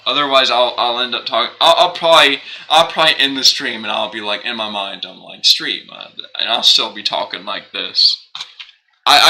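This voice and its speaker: A man's voice: lowish voice, rough recording. A young man chatting casually on a live game stream, rambling and questioning himself, with frequent laughs. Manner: rambling, self-questioning, animated, laughs often. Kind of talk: casual live-stream chat while gaming.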